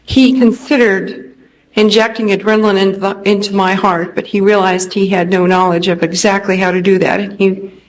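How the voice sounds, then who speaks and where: A woman from California giving an earnest, unhurried personal testimony, pausing often with hesitations. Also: mid-range voice, fairly even intonation, rough recording. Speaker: speaker recounting a near-death experience. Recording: restored old recording with faint noise.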